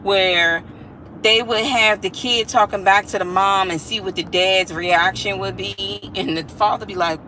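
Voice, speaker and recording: A woman's voice: medium pitch, steady tone, unhurried, pushed and bright, slight background noise, low-quality recording. A woman, talking casually and reflectively to her viewers, now and then singing a line. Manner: chatty, reflective, slips into singing. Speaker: vlogger. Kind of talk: casual talk to camera.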